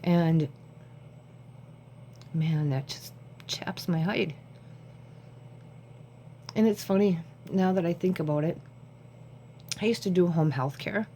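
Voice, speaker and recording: Talking to her phone camera at home, a vlogger with a lowish, mellow voice rambles casually, jumping from one thought to another because she's short on sleep. A faint hum runs underneath her voice.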